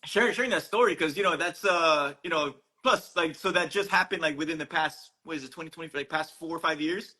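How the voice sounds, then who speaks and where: A man's voice: a little high, fairly quick, hardly any pauses, pushed and bright, rough recording. A man from Hawaii hosting a podcast, chatting in an easygoing way with slang like "dude" and frequent restarts. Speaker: podcast host. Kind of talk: casual chat.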